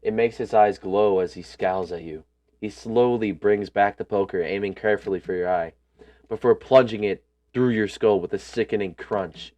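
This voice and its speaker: A man's voice: fairly low pitch, normal speed, darkish tone, rough recording. A man reading a story game's text aloud, breaking in with casual slangy asides.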